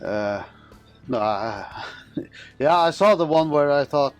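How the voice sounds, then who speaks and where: A man's voice: a little high, lively intonation, slow pace, soft background music. A laid-back man co-hosting a casual podcast, laughing between short remarks. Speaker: podcast co-host. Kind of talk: casual chat.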